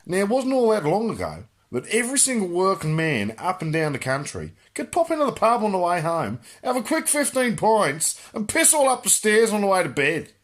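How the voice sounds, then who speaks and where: A man's voice: high-pitched, huge pitch swings, normal speed, hardly any pauses. A man with an Australian accent hosting a crude comic monologue, answering viewer questions in a brash, boisterous way and laughing at his own jokes.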